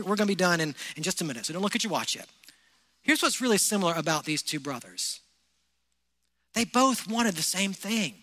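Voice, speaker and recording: A man's voice: high-pitched, sharp tone. A man, a pastor, preaching a sermon in a church, emphatic and full of rhetorical questions to the congregation. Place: church hall. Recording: long hall reverb.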